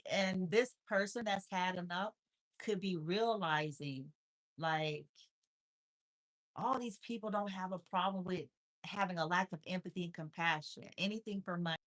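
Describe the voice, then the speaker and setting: A woman, talking in high baby talk to her cat, then giving a tarot reading in an unhurried, repetitive way. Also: fairly bright tone. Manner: unhurried, repeats itself. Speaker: tarot reader. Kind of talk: casual chat with her cat.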